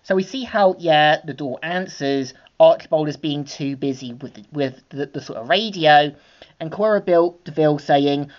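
A woman with a deep, low voice walks through a comic book story in a loose, rambling way, with plenty of fillers. The sound is dull and lo-fi. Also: measured pace. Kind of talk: casual comic review narration. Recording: dull lo-fi home recording.

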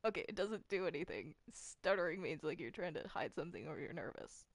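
A woman voicing a mischievous young male cartoon ink demon who teases with a stutter and a deadpan tone. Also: lowish voice, brisk, no echo. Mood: teasing. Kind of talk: fan voice roleplay.

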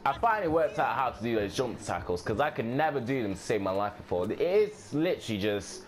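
A man talks through a shooter match in a loose, sweary way, his pitch rising and falling a lot as he thinks aloud. A steady noise sits under the voice. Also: brisk. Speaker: gameplay commentator. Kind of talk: casual gameplay commentary.

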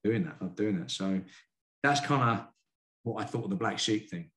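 A man's voice: fairly low pitch, a bit bright. A man from the UK, a karate sensei and boxing coach, telling stories frankly and earnestly as a podcast guest. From United Kingdom. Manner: frank, earnest, quick to admit feelings. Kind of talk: candid storytelling in a podcast interview.

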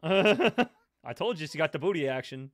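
Animated young man reacting to anime. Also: fairly high pitch, a little slow, dry recording. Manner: blurts questions and swears at the screen; cooing over cute moments. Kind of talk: live anime reaction commentary.

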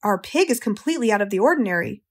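Lady reading as a wide-eyed farmer guy, earnest and pushy, breathy storybook voice. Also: medium pitch, animated, rapid-fire. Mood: solemn, insistent. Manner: earnest, urgent insistence. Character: awestruck middle-aged male farmer.

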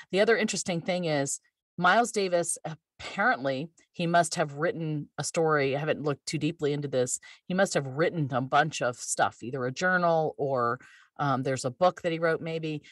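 Podcast co-host, female, low pitch, dry mic, eager casual talker. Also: no echo. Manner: enthusiastic, thoughtful, with frequent fillers.

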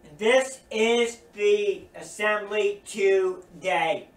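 A high-pitched man preaches slowly and earnestly, leaning on repetition for emphasis. He sounds set back from the mic in a roomy, echoing space. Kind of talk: recorded sermon teaching. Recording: roomy echo, distant from mic.

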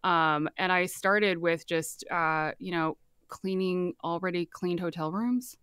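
A woman with a light Southern accent, a guest telling her story in a candid, animated, casual way. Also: on the low side, takes it slowly, smooth, no room sound, studio quality. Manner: candid, animated, swears freely.

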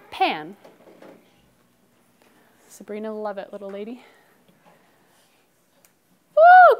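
A young woman teaching first graders in a classroom, her voice a touch high and her delivery upbeat and encouraging. She stretches words out slowly when she models sounds for the class. A faint hiss of noise sits under the recording. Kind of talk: classroom phonics lesson. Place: elementary classroom.

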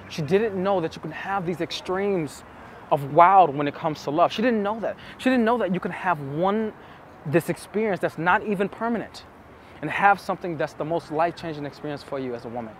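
This dating coach's high-pitched voice has lively intonation and a moderate pace, with a little hiss or hum in the recording. He tells stories to camera casually yet earnestly and intimately, repeating phrases for emphasis.

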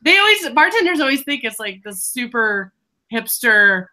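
A woman's voice: fairly high pitch, very animated, moderate pace, bright, forceful tone. A woman co-hosting a book club video chat, telling rambling stories in a chatty way over a webcam. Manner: chatty storyteller, rambling asides.

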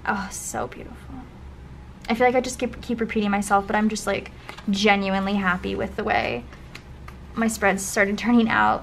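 A young woman chats her way through old planner spreads, gushing and dropping into soft, breathy asides. Her voice sits a little high. A faint background hiss runs under the home recording. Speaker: planner vlogger. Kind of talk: casual flip-through commentary.

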